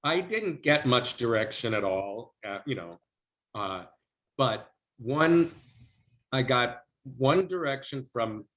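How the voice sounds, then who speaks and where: A man's voice: mid-range voice, takes it slowly. Middle-aged man telling stories, lo-fi. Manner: lively anecdotes, acting out quoted people. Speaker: actor being interviewed. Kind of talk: casual interview storytelling. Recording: dull lo-fi recording.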